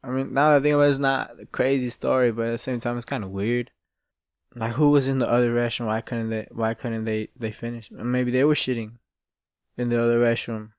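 A man's voice: mid-range voice, little pitch movement, fairly quick, no room sound. A man hosting his own podcast, telling stories in a rambling, profane and casual way. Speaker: podcast host. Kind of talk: casual solo storytelling.

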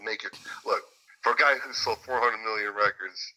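Rambling, sharp-toned male guest. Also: lowish voice, fairly even intonation, normal speed, poor audio. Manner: rambling storyteller, many fillers and restarts. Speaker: interview guest, music producer and guitarist. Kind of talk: casual interview chat.

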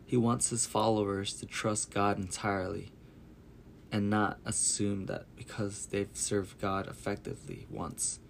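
A man narrating a Bible story in a slow, even, deliberate reading. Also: on the low side, creaky, slight background noise.

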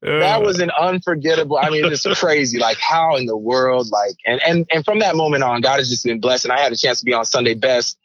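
A man's voice: mid-range voice, a little fast, hardly any pauses, a bit bright, no echo, muffled recording. A man guest on a podcast, telling a story with energy and acting out the voices of the people in it. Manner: acts out other people's voices, repeats words. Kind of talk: animated storytelling.

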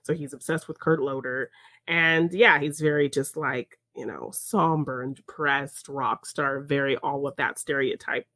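A woman's voice: very deep voice, unhurried, a bit bright, no room sound. Chatty woman, dry close sound. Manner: laughs often, chatty, many fillers. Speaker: podcast co-host. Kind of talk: casual chat recapping a film.

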